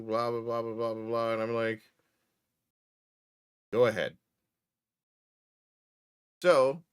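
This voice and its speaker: A man telling a story in casual chat, profane and wry. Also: deep voice.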